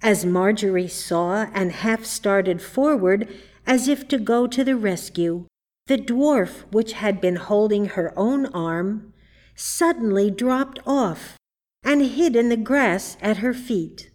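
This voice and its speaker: A woman narrating a storybook in a measured, unhurried reading voice. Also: medium pitch, darkish tone.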